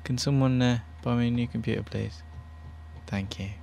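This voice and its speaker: A man's voice: medium pitch, steady tone, moderate pace, creaky, warm tone, a little hiss or hum. A British man hosting an internet radio show, chatting casually in a rambling, self-deprecating way.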